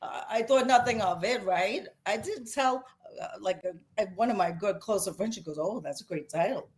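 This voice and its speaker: A middle-aged woman with a New York accent tells her stories with lively feeling, and her voice climbs as she gets carried away. She speaks at a middle pitch in an unhurried, conversational way. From Brooklyn, New York. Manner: animated, emotional storyteller, voice rising as she tells it. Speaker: guest author. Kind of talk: casual storytelling interview.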